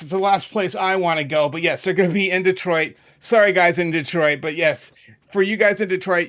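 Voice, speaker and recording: This middle-aged YouTube music channel host from New England, USA, has a slightly bright voice on the high side. He chats casually over a map, rambling into asides and correcting himself.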